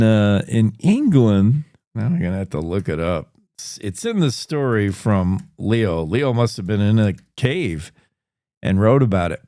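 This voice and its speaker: A man's voice: medium pitch, a little mellow, dry recording, studio quality. A man hosting a news talk show, chatting casually and rambling with restarts as he thinks aloud. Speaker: show host.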